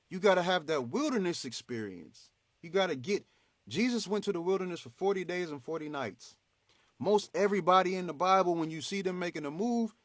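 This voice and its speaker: A man hosting a motivational faith talk, animated and preachy, in a slangy, conversational way. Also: fairly high pitch, dry recording. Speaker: host.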